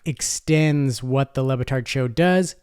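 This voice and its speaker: A man's voice: medium pitch, measured pace, a little mellow, clean tone, dry recording, clean studio sound. A man hosting a fan podcast alone, talking casually and rambling, calling his listeners folks. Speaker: podcast host. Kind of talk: casual solo podcast talk.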